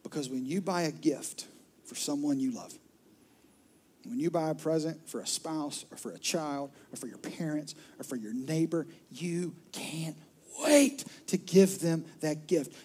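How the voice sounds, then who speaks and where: High-voiced pastor preaching with animation. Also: male voice, a little slow, slight background noise. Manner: lively, acts out voices of people in his stories. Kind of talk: sermon. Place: church auditorium with a live audience.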